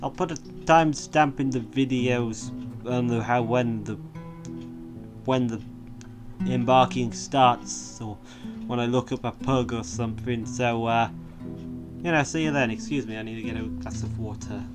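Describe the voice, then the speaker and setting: A man's voice: medium pitch, steady tone, a little slow, music in the background. A man giving casual let's-play commentary on a game, chatty and rambling, wandering off on amused tangents. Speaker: gaming video creator.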